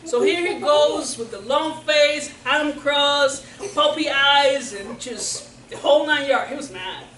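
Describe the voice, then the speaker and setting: A high-voiced woman from Puerto Rico preaches a lively sermon, retelling a Bible story with playful asides. Her voice carries through a roomy church hall and is picked up from a distance, with a faint hum of the room behind her. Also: slow pace, a crowd in the background. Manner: animated, playful, acts out characters.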